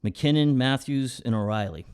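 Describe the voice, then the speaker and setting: A man's voice: mid-range voice, moderate pace, darkish tone, smooth. A middle-aged man hosts a casual podcast chat. He is easygoing, prompts his co-host to talk, and lets his sentences trail off into fillers.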